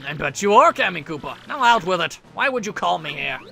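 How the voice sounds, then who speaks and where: A man voicing a loud, grumpy giant turtle king villain who blusters and shouts in a comic way. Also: high voice, very animated, brisk, vocal fry, a little hiss or hum, exaggerated voice. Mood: blustering.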